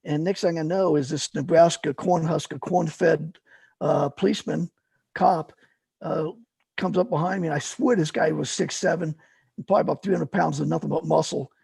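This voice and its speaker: A man's voice: a little high, fairly even intonation, normal speed, gravelly, darkish tone, slightly rough, dry recording. A middle-aged man telling paramotor stories in a rambling, casual way, full of fillers and restarts. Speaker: guest, paramotor fly-in organizer. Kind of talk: casual storytelling.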